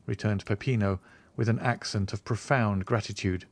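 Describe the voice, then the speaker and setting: A man narrating a classic novel as an audiobook in scripted literary narration, recorded on a close studio mic with an expressive, steady storytelling manner. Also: lowish voice, moderate pace, dry recording.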